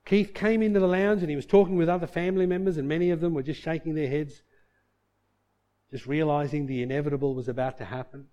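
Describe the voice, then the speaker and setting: A man preaching a sermon, telling a healing story, dropping to soft low passages and rising to loud shouted peaks. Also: steady tone, fast, dull audio.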